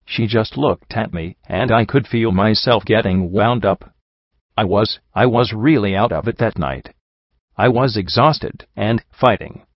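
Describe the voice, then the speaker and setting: A man narrating a first-person story in an earnest, steady reading, in a dull, slightly muffled recording. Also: fairly low pitch, unhurried, no echo. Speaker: audiobook narrator. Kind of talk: first-person fan fiction audiobook reading.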